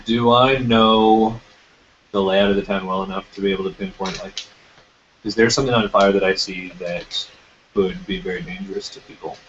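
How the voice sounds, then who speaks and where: A man's voice: sits low, fairly even intonation, moderate pace, fairly bright tone, lo-fi sound, slight background noise. A man playing a tabletop game, asking the game master casual questions. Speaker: player.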